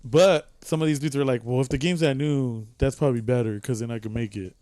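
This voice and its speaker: A man's voice: medium pitch, steady tone, brisk, dark tone, no echo. Profane joking man on a podcast. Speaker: podcast co-host. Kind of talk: casual chat.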